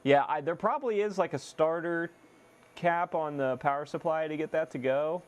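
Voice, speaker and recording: A young man casually chatting to viewers on a live stream while repairing a console, excitable and swearing freely. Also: fairly high pitch, normal speed, clean tone. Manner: excitable, swears, self-deprecating laughs.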